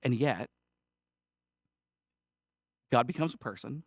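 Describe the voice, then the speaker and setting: A man's voice: medium pitch, takes it slowly, pauses often, no room sound, clean studio sound. A male pastor preaching a sermon in a conversational, self-deprecating way, with casual asides. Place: church sanctuary.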